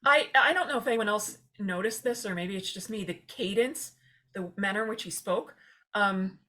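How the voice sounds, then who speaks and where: A woman panelist in a comedy talk show, chatting in a giggly, animated way. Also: mid-range voice, moderate pace.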